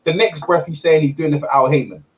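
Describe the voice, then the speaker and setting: A high-pitched man hosting a lively boxing chat. He rants in an animated, repetitive way, stacking rhetorical questions as he talks. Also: quick pace, poor audio. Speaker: host. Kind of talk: casual boxing debate.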